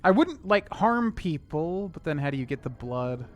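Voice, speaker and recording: A man's voice: fairly high pitch, big pitch swings, moderate pace. A young man casually chatting with viewers while streaming a game, rambling with many fillers. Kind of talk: casual gameplay commentary.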